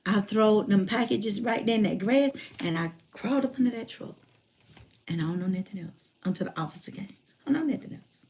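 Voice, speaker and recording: A woman in her forties telling a personal story in a lively, colloquial way, repeating phrases for emphasis. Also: mid-range voice, a little fast. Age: 40s. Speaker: motivational speaker.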